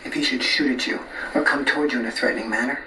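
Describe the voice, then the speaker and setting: A man's voice: medium pitch, fairly even intonation, rapid-fire, lightly acted. A man playing a loyal, streetwise TV cop. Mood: coaxing. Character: streetwise male cop, loyal to his partner. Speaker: police detective in a TV drama. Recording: echoey, noisy TV audio from a distance.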